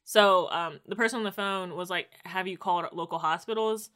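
Bright-voiced woman recapping a show. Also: on the low side, brisk. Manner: expressive, acts out quotes, slangy. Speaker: podcast co-host. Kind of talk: casual chat recapping a TV episode.

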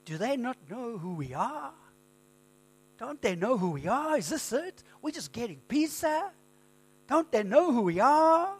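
A man's voice: extremely high pitch, sing-song, measured pace, breathy edge, voice pushed up, full character voice. A man voicing an arrogant, entitled male touring musician with an American accent, complaining indignantly.

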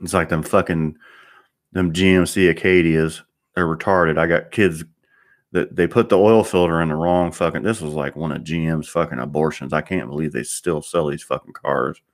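A man's voice: very deep voice, steady tone, normal speed. A man, a car mechanic, ranting bluntly in a rambling monologue and swearing constantly.

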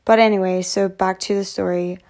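A woman's voice: medium pitch, little pitch movement, a little fast, darkish tone. A tired woman vlogging candidly to camera, rambling frankly and swearing often. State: tired from lack of sleep. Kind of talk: candid personal talk to camera.

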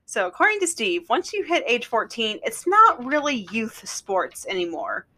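A woman's voice: on the high side, very animated, normal speed, pushed and bright. A woman co-hosting a podcast, recapping a documentary in casual chat with dry sarcasm. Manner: wry, recaps and comments with sarcasm. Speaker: podcast co-host.

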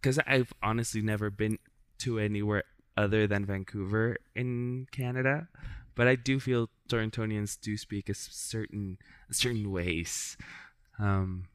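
A man hosts a podcast in a relaxed, eager, casual manner, swearing freely. His voice is fairly low, smooth and resonant. The sound is dry and close-miked. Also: unhurried, no echo. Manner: laid-back, enthusiastic, swears casually. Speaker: podcast host. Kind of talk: casual chat.

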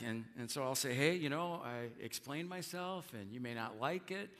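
A middle-aged male pastor preaching a conversational sermon, acting out quotes in lively voices. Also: medium pitch, moderate pace, few pauses, in a large hall.

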